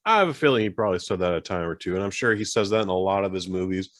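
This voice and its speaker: A man co-hosting a podcast, rambling through an animated casual chat with many fillers. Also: sits low, very fast. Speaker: podcast co-host.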